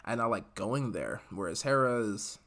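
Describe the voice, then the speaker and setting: A man's voice: fairly low pitch, animated, unhurried, fairly bright tone. A young man casually hosting a live podcast, chatting and rambling with lots of fillers. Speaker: podcast host reading live chat. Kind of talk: casual live-stream chat.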